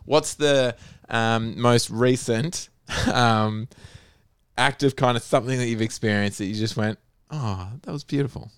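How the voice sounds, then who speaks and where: A man's voice: mid-range voice, steady tone, measured pace, smooth, no echo, clean studio sound. A man hosting a casual podcast chat, curious and full of long follow-up questions. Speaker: podcast host.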